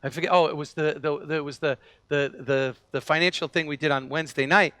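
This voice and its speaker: A man's voice: on the high side, fairly even intonation, fast, fairly bright tone, dry recording. A man preaching a sermon as pastor, telling stories animatedly and acting out the voices in them, with frequent restarts.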